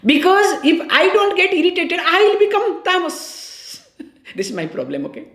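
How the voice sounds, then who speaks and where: A woman's voice: very high voice, wildly swooping pitch, moderate pace, a bit bright, reverberant. A woman giving a spiritual discourse on scripture in a conversational way, often checking in with her listeners and repeating key phrases. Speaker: spiritual teacher.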